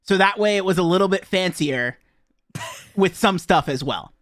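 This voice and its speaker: A man's voice: high voice, expressive, normal speed, a bit bright, no room sound, studio quality. A man co-hosting a casual podcast about a video game, joking and laughing often as he talks. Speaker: podcast co-host.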